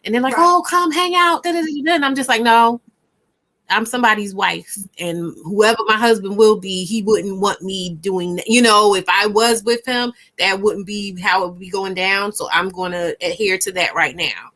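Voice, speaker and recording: A woman hosting a relaxed conversation, frank and chatty when she shares her own experience. Her voice is bright and forceful, with a middle pitch. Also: moderate pace. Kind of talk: casual chat.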